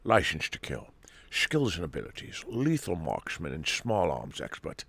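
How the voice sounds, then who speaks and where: A man doing a gruff suave spy. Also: huge pitch swings, normal speed, fairly bright tone, dry recording, clean studio sound, full character voice. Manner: low, clipped mock impression, self-admittedly poor. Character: suave gruff male British spy, mid-career.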